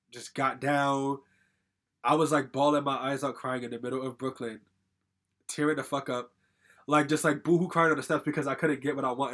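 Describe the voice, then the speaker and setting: A young man from Connecticut tells a personal story in a loose vlog style. He talks at a rapid clip, circling back on himself with constant "like" fillers and casual swearing. His voice sits in a middle register. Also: mid-range voice, fairly bright tone. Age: young adult. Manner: rambling, heavy use of "like" fillers, swears casually. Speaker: storytime vlogger.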